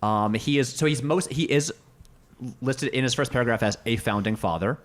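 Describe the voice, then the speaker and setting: A man's voice: mid-range voice, normal speed. A man hosting a casual podcast, joking in a playful, dry way. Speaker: podcast host. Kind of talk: casual chat.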